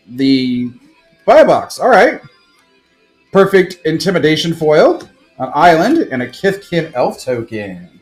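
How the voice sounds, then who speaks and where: High lively man streaming card openings. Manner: rattles off card names, bursts of excitement. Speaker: live stream card breaker. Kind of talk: casual live-stream pack opening.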